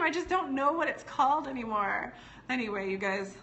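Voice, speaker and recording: A bright, forceful voice, sitting a bit high for a woman. She teaches in a loose live-stream chat and keeps drifting off topic. She laughs often and talks straight to her viewers. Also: expressive, fairly quick, slight background noise. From United States. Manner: chatty and digressive, often laughing, answers live comments. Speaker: business educator hosting a live stream.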